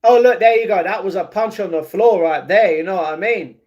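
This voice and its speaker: A man's voice: high-pitched, a little fast, a little mellow, highs cut off. A young man chatting casually on a livestream, reading and answering his chat, often adding "you know what I mean". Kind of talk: casual live-stream chat.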